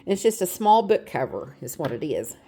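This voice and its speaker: Low-voiced chatty woman showing her haul. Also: sing-song, a little fast, vocal fry, warm tone, faint music behind. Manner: chatty, rambling with fillers. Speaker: vlogger. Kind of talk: casual show-and-tell chat. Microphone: phone camera.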